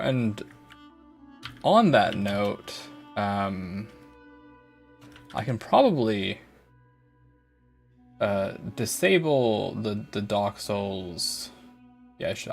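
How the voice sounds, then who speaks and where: A man's voice: on the low side, vocal fry. A man streaming a game, chatting playfully and rambling, slipping into a put-on British accent. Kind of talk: casual gameplay commentary.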